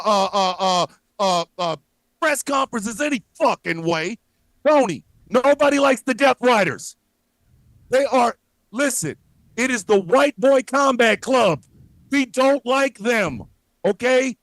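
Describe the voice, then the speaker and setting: A man hosting a show, delivering an angry, profanity-filled rant that breaks into shouts at times. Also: very high voice, no echo. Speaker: show host.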